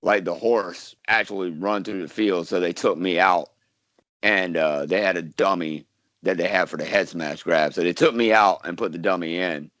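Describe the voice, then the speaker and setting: A man talks through a casual interview in a lowish voice, wandering and restarting his sentences with plenty of fillers. The sound is dry and close, with no room around it. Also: normal speed, fairly bright tone, no echo, highs cut off. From South Carolina, US. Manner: rambling, many fillers and restarts. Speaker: actor, podcast guest.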